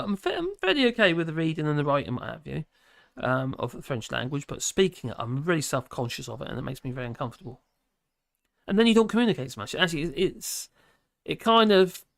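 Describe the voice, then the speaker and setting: A man's voice: a little high, fairly bright tone, no room sound, studio quality. Rambling man with a Norfolk accent. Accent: Norfolk English. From England. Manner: rambling, hesitant, filler-heavy; chuckles easily, self-deprecating. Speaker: livestream host reading chat. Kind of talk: casual livestream chat. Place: home in rural France.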